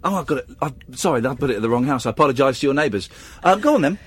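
Husky, lively-voiced male radio host. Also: mid-range voice, rapid-fire, dry recording. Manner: incredulous, teasing, animated. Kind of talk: casual radio banter.

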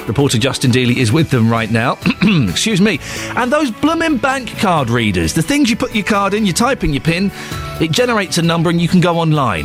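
An English man presenting a breakfast radio show, chatty and jokey, rambling into anecdotes with restarts. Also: a little high. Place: radio studio. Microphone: studio microphone.

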